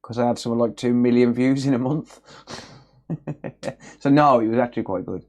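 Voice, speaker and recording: His voice is mid-range and darkish at a moderate pace as he hosts a live electronics repair stream from an indoor workbench. Working as he talks, he reads repair notes aloud and trades blunt jokes with chat in a casual way.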